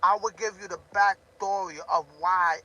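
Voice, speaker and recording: A man ranting loudly on a live stream, talking straight to a viewer, amped up and always yelling. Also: sits high, steady tone, normal speed, rough recording.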